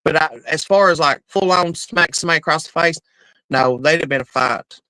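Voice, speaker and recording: A middle-aged woman telling stories in casual chat, animated and laughing, with plenty of cursing. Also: sits low, normal speed, no room sound, poor audio. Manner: animated, laughing, profane storyteller.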